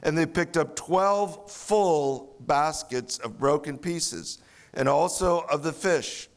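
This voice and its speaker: A male pastor delivering an expository sermon at a slow, deliberate pace. His voice sits a little higher than most men's. He slips into playful, sarcastic voices to act out the people in the story. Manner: expository preaching, acts out sarcastic voices of the disciples.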